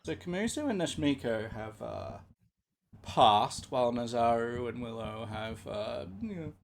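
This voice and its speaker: Guy with a mid voice talking slow through a game run, lots of ums, faint hiss. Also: mid-range voice, expressive, vocal fry. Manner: unhurried, filler-heavy with ums and uhs. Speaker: co-player and narrator of the game. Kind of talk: casual game narration.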